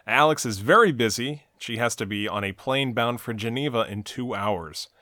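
A man's voice: mid-range voice, normal speed, pushed and bright, no room sound. A man with a mid-range voice, recapping an episode in long, run-on stretches of plot. The sound is dry and close, with no room around it. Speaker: podcast co-host recapping a TV episode. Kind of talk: casual recap chat.

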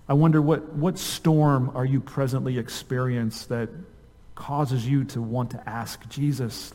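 Earnest preacher in a reverberant church. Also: male voice, medium pitch, steady tone, unhurried. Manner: earnest preaching, rhetorical questions, drops soft on key words. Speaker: pastor. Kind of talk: sermon. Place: church sanctuary. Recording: long reverb of a church hall.

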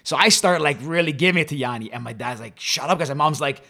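A man's voice: on the high side, fast, gravelly, pushed and bright. A young man co-hosting a podcast, chatting casually and telling family stories with lots of fillers and laughs. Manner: storytelling with many fillers, laughs often. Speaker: podcast co-host. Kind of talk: casual chat.

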